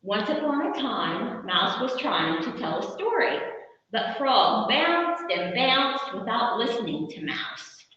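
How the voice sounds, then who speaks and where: A woman librarian reading a picture book aloud to children, with animated, expressive storytelling. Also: on the high side, takes it slowly. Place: large echoey library room. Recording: echoey hall, far from mic, dull.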